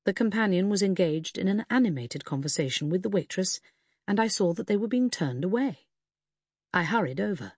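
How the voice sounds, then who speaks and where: Woman storyteller, measured narration, husky tone, dry close sound. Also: fairly low pitch, lively intonation, darkish tone, no echo. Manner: measured storytelling, voicing each character. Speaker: audiobook narrator. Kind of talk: scripted narration.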